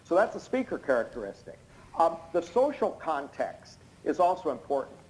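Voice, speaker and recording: A hoarse, tired man giving expert courtroom testimony over a video call, explaining in an unnaturally loud voice with many hesitant fillers. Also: a little high, big pitch swings, normal speed, poor audio. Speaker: expert witness. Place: indoors in London at night.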